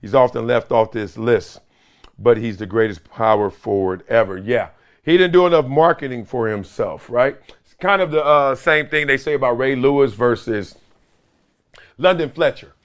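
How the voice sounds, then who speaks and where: A middle-aged man, a former football player, hosting a casual sports talk show with loud outbursts and frequent laughter. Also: mid-range voice, moderate pace, smooth. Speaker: podcast host, former NFL player.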